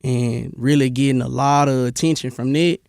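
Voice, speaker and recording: A young man from Memphis, telling his army stories in a relaxed interview, with a lot of "bro" and many restarts. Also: medium pitch, normal speed, smooth, no room sound, clean studio sound. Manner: laid-back storytelling, lots of "bro" and restarts. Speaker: interview guest, army veteran. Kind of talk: casual interview.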